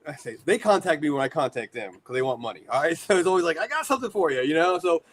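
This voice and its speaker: A man in his forties from the United States, telling rambling, animated stories as a guest in a casual interview. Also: on the high side, fast. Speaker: guest, horror shop owner.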